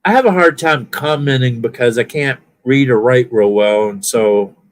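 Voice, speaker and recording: Speaking at a moderate pace in a mid-range voice, this older viewer on a live stream chats in a rambling, self-correcting way. His accent blends Southern and Californian.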